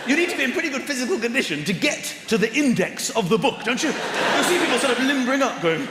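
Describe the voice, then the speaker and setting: A man doing stand-up comedy as host, animated, laughing through his lines and acting out little voices. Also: extremely high pitch, fast, hardly any pauses, very noisy. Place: large theatre with live audience. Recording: echoey venue with loud audience laughter.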